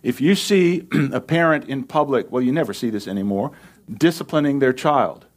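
A man's voice: mid-range voice, moderate pace. Man giving a conversational Bible sermon. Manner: conversational, emphatic, animated asides. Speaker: pastor.

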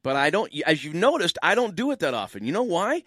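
A man's voice: high-pitched, sing-song, fast talker, a bit bright, dry recording, clean studio sound. A Canadian man hosting a call-in talk radio show as a pastor, chatting in a joking, rambling way with lots of asides.

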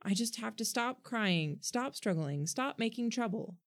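A woman's voice: a little high, expressive, unhurried, voice pushed up. A woman voicing a wry, guarded boy in a storybook reading, close to her own voice.

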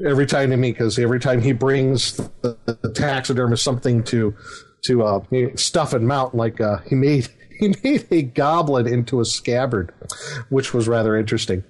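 A man's voice: medium pitch, moderate pace, darkish tone. Rambling middle-aged man telling a game story. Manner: rambling, chuckling, many fillers. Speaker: dungeon master, podcast host. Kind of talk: casual storytelling chat.

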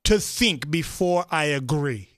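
A man's voice: fairly high pitch, expressive, slow pace, a bit bright, no echo, studio quality. A man in casual chat, joking and playful. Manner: playful, jokey.

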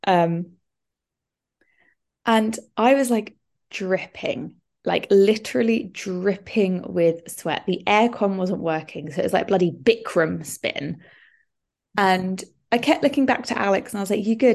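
A young woman telling a story in a casual podcast chat, animated, with lots of "like". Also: on the low side, a little slow, vocal fry. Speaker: podcast co-host.

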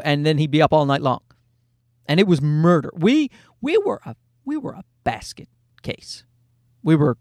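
Animated, high-pitched male stand-up comedian. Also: dry recording, studio quality. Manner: animated, exasperated storytelling with loud acted-out asides.

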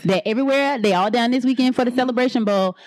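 A woman co-hosting a podcast in casual chat, blunt and animated as she tells stories. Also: fairly high pitch, quick pace. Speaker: podcast co-host.

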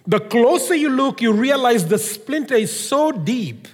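A male pastor preaches, walking his congregation through a story in an animated way. His voice sits very high for a man. The sound rings with a long reverb as in a large hall. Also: measured pace, slightly rough. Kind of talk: sermon.

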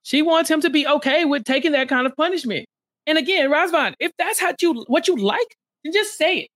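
A co-host in a casual TV recap chat, blunt and exasperated, dropping low for emphasis. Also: expressive, fairly quick, fairly bright tone, dry recording, clean studio sound. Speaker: podcast co-host.

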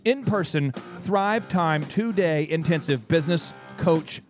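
A man hosting a business talk show, telling jokey stories in animated banter as a business coach. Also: a little high, measured pace, loud music behind the voice. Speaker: podcast host and business coach.

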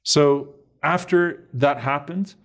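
A man's voice: on the high side, slow, a bit bright. A man giving a religious lecture, earnestly and dramatically retelling a story and sprinkling in Arabic devotional phrases. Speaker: preacher.

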